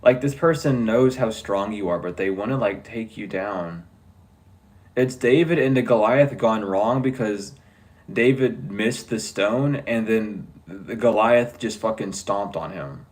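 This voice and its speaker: A man's voice: on the low side, unhurried, darkish tone. Blunt, profane man doing a tarot reading. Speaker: tarot reader. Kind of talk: casual spiritual reading.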